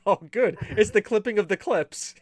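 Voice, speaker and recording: A man's voice: sits high, moderate pace. Joking man co-hosting a gaming podcast. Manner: joking, rambling, lots of puns. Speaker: podcast co-host running the stream. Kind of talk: casual chat.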